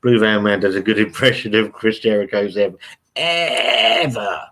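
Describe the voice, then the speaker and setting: A man's voice: fairly low pitch, moderate pace, fairly bright tone. A man hosting a casual live stream from home, reading out chat messages in a chatty, blunt, sweary way and calling everyone mate.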